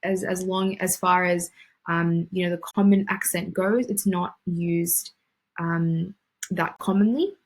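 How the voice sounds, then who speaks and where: A woman's voice: lowish voice, fairly even intonation, unhurried, slightly rough, rough recording. A young woman from Australia with a general Australian accent, tutoring in a casual explainer style with frequent ums and restarts. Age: young adult. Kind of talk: educational explainer.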